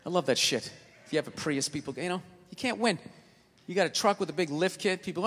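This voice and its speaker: A man doing a stand-up comedy routine on a theater stage, ranting and swearing, swinging from mutters to shouts. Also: high-pitched, fast. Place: large theater stage with live audience. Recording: live hall with audience.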